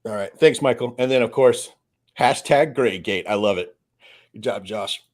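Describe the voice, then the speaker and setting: A man hosting a live fan stream, reading out chat comments and reacting with excited outbursts. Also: medium pitch, normal speed. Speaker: host of a live fan show.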